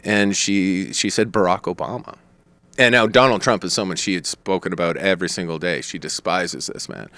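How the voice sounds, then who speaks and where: A low-pitched man tells a long story as a podcast guest. He rambles and acts out what others said, and the recording is dry and close. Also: fairly quick, hardly any pauses, smooth, no echo. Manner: rambling, animated storyteller who quotes others. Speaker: comedian guest.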